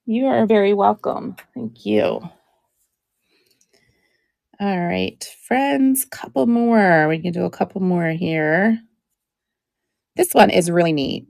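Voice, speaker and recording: A woman hosting a live jewelry auction stream, chatting in a relaxed way as she describes each piece, with many ums. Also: medium pitch, takes it slowly, vocal fry, long pauses, no room sound.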